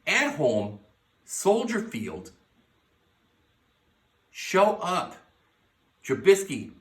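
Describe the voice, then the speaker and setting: A man's voice: a little high, wildly swooping pitch, drawn-out words, long pauses. A man hosting a podcast, giving brash, profane sports picks in casual talk and hyping his teams. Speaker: podcast host. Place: bar lounge. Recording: echoey room, mic at a distance.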